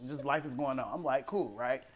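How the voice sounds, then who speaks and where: A man co-hosting a casual chat, telling stories with lively put-on voices and frequent laughter. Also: mid-range voice, fairly quick. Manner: animated, laughing storyteller who acts out voices. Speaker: podcast co-host.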